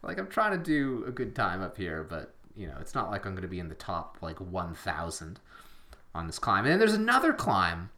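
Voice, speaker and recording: A man's voice: low-pitched, huge pitch swings, moderate pace, sharp tone. A man co-hosting a podcast, chatting casually in a rambling, self-deprecating way with lots of fillers. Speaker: podcast co-host. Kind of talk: casual chat.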